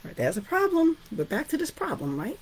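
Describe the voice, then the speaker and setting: A woman's voice: high voice, huge pitch swings, brisk. A woman author and teacher giving an informal storytelling lesson, chatty and often asking "right?". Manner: chatty, asks "right?" and "guess what?".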